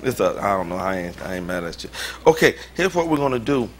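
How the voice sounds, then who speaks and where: A man's voice: lowish voice, very animated, quick pace, slight background noise. A pastor preaching a sermon in a joking, informal way, often laughing as he talks. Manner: informal, colloquial speech.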